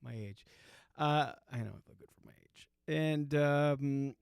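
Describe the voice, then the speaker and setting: A man's voice: fairly high pitch, unhurried, creaky, darkish tone, a little hiss or hum. Rambling self-mocking man in his forties. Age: 40s. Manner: rambling, self-mocking, full of restarts and asides. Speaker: comedian host. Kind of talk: comedic storytelling monologue.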